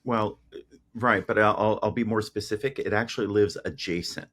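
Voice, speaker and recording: A man's voice: fairly low pitch, fairly even intonation, normal speed, a bit bright. A man, a tech company founder, speaking as a podcast guest and explaining ideas through homely analogies with frequent restarts. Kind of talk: casual interview chat.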